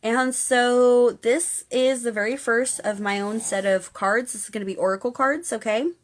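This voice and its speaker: A woman's voice: on the high side, fairly even intonation, normal speed. A young woman hosting a casual spiritual live stream at home, chatting earnestly and reading viewers' comments aloud as she rambles along. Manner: earnest, coaxing encouragement. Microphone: phone or webcam on a live stream.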